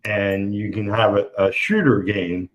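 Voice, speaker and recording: A man's voice: lowish voice, fairly even intonation, unhurried. A man, a comic artist hosting his channel, chats casually while he works, telling stories at an easy pace with plenty of fillers and laughs. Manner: laid-back storytelling with frequent laughs and fillers. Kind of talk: casual chat while working. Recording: muffled lo-fi call audio.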